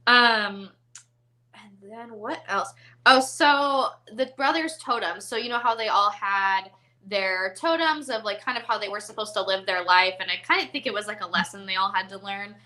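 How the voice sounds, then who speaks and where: Chatty woman host, bright, crisp voice, lots of "um" and "like". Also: mid-range voice, moderate pace, rough recording. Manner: chatty, giggly, filler-heavy. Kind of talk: casual movie chat.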